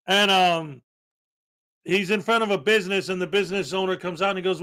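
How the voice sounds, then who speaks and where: A man hosting a podcast tells a rambling story as casual commentary, laughing and acting out what others said. His high voice is steady in tone, pushed and bright, and he speaks fairly quickly.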